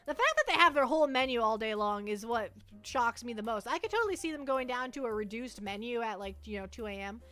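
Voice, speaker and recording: A woman's voice: fairly high pitch, animated, fast, hardly any pauses, bright, forceful tone, faint music behind. A young woman chatting casually on a livestream, rambling playfully and restarting her sentences.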